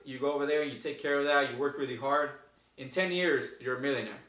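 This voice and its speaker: A man giving casual, energetic advice to viewers as host, repeating himself and acting out the people in his stories. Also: mid-range voice, brisk. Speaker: host answering viewer questions. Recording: echoey room, mic far off.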